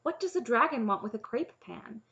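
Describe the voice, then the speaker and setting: A woman's voice: on the high side, expressive, moderate pace, gravelly, a bit bright, dull audio, pitched above the performer's own voice. A woman narrator voicing an earnest, naive young male knight who talks hesitantly and is easily let down. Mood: earnest, puzzled. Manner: hesitant, eager, easily crestfallen.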